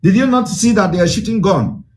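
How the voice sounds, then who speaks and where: A man's voice: sits high, expressive, a little fast, darkish tone. A man with a Nigerian accent giving an impassioned broadcast address, fiery and declamatory with lots of repetition. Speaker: political broadcaster.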